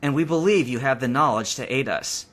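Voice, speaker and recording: A man voicing a polite, formal winged young man who speaks in a measured way. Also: mid-range voice, a bit bright, lightly acted. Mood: calm. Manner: courteous, measured.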